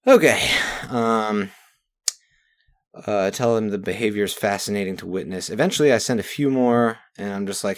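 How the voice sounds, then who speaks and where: A man's voice: on the low side, normal speed. A young man recapping his week from a journal in a rambling, profane monologue that swings into rants. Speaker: vlogger reading his journal.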